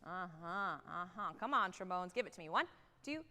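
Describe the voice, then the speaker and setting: A woman conducting a high school band rehearsal, energetic and singing rhythms aloud to demonstrate them. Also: moderate pace, heavy background noise. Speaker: guest conductor. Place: large theatre stage. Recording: reverberant hall.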